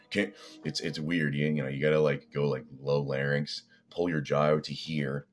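A man's voice: a bass voice, steady tone, moderate pace, faint music behind. A man from Canada rambling casually as a fitness vlogger, laid-back and swearing now and then.

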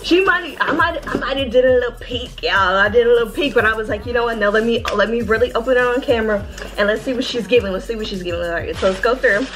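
A bubbly, excitable woman chatting straight to her viewers while unboxing in a casual vlog, recorded indoors. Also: a little high, fast talker. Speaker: beauty vlogger.

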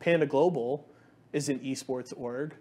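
A man's voice: mid-range voice, measured pace, darkish tone. A man co-hosting a gaming podcast, talking in a laid-back, frank way with casual swearing. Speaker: podcast co-host. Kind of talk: casual chat.

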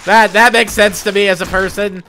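A man with a high voice provides let's play commentary at a normal speed while gaming, his talk profane, excitable and laced with sarcastic jokes. There is a little hiss or hum on the recording.

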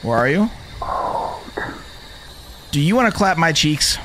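Animated young man streaming a game. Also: fairly high pitch, measured pace, a little hiss or hum. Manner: animated, repetitive questioning, excitable. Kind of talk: live gameplay commentary.

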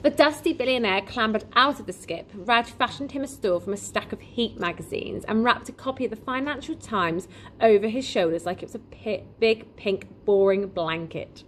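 A woman reading a children's novel aloud in an expressive, lively storytelling manner. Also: medium pitch, normal speed, slight background noise. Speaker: reader.

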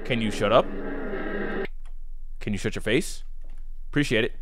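A man playing a horror game and commenting nervously, yelling when scared and joking to cover his fear. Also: lowish voice, moderate pace, slight background noise. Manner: yells and screams when scared. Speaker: let's play gamer.

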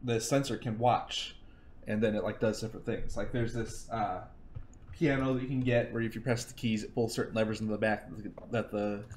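Excitable, swearing podcast guy. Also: lowish voice. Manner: excited, swearing, rapid explaining. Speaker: podcast co-host, news segment. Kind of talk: casual group podcast chat. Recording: echoey room with faint noise.

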